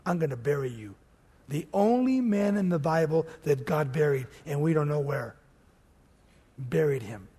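A man preaching a sermon, telling the story dramatically and swinging from loud outbursts to hushed lines. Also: a little high, lively intonation, a little slow, breathy edge, long reverb tail.

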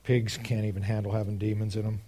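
A man preaching a sermon, arguing step by step and quoting scripture, swinging between quiet asides and loud emphatic points. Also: on the low side, flat delivery, quick pace. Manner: argues step by step, quotes scripture.

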